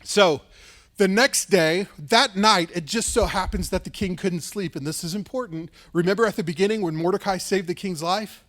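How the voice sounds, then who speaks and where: A male pastor with a high voice tells a story during his sermon. He talks casually and loosely, dropping "like" and "right?" often, and often leans on dramatic emphasis. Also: moderate pace. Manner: casual, lively retelling with fillers like "like" and "right".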